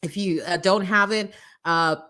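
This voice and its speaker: Woman, morning show host, motivational live-stream talk, animated, preachy, storytelling. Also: lowish voice, unhurried, a little hiss or hum.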